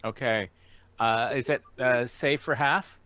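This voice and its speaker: Man player with quick joking reactions. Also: mid-range voice, steady tone, sharp tone, dry recording. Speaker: tabletop game player. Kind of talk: casual chat at the game table.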